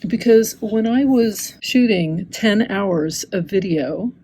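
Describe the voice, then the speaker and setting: A woman's voice: mid-range voice, slow, mellow, a little hiss or hum, rough recording. A woman teaching hand embroidery in a casual, chatty way, drifting into asides as she stitches. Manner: chatty, rambling asides while demonstrating.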